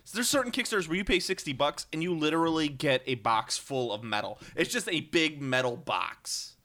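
A man's voice: fairly high pitch, expressive, fairly quick, pushed and bright. A man co-hosting a casual podcast chat, rambling with ums and self-corrections and cracking wry jokes. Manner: wry, joking. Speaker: podcast co-host.

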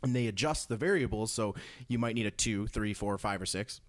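A man's voice: on the low side, a little fast, dry recording. A man explaining game design in a casual chat with a co-host, talking it through with frequent restarts. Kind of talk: casual chat about tabletop games.

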